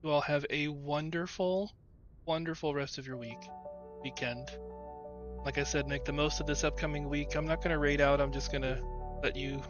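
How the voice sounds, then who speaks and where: A man's voice: a little high, fairly even intonation, moderate pace. A man streaming a game, signing off casually to his viewers in a rambling, affectionate way with plenty of filler words. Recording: muffled lo-fi audio with faint music. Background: faint background music.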